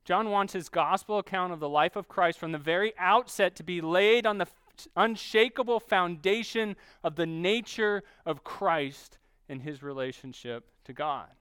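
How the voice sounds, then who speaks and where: Guy preaching a sermon, highish voice, smooth, leans on key words. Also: a bit bright, no room sound. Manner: teaching, emphatic, slows on key phrases. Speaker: pastor.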